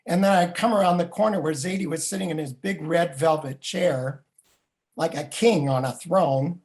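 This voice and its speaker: An older man and Jewish educator telling a family story in a vivid, animated way. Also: on the high side, moderate pace. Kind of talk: storytelling talk.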